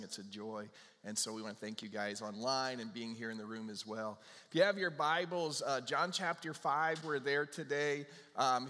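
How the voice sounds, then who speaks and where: A man preaching a sermon to his congregation in a conversational, animated way, acting out little back-and-forth exchanges. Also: mid-range voice, long reverb tail. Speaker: pastor. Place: church sanctuary with a live congregation.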